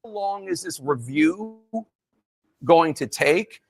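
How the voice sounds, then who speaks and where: A man speaks in a measured, formal tone in a press briefing clip that is played back. His voice sits somewhat high. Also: expressive, vocal fry.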